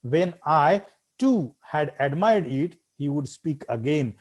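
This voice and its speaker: A man's voice: on the high side, expressive, slow, slightly rough. A man, teaching an English literature class and explaining a story line by line, with frequent fillers. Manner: reads the text aloud, then explains it line by line with frequent fillers.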